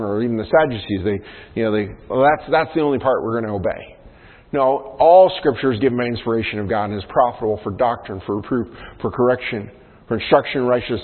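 A man, a pastor preaching a sermon, who rises in pitch and force to stress key points. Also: breathy edge. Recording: phone-like sound in a reverberant hall.

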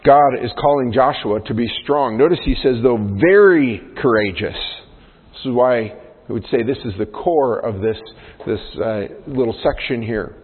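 A man, a pastor preaching a sermon, who rises in pitch and force to stress key points. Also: normal speed, slightly rough. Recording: phone-like sound in a reverberant hall.

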